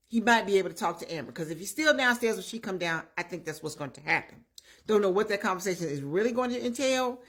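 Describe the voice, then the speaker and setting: Chatty woman recapping skits to viewers. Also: medium pitch. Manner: animated storyteller who acts out the characters' lines; chatty, addresses viewers directly. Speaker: channel host recapping comedy skits. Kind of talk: casual recap and commentary.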